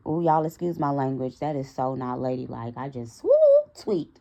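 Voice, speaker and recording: Low gravelly woman telling a story. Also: normal speed, hardly any pauses. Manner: animated, talks straight to her audience, acts out quoted dialogue. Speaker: storytime vlogger. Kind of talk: casual storytime to viewers.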